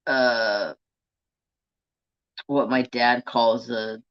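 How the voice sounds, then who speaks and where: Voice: mid-range voice, fairly even intonation, extremely slow, dry recording. Rambling live-stream crafter, dull lo-fi sound. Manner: rambling, loose and chatty, talks to viewers and a pet. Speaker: crafting livestream host. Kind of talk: casual live-stream chat. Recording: dull lo-fi home stream audio.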